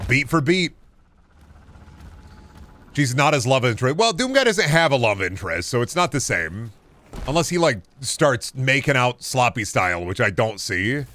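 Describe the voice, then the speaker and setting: A young Midwestern American man streams a game and offers casual commentary, goofy and profane, riffing with jokes and mock voices. His bright, forceful, expressive voice moves at normal speed while his pitch swings widely.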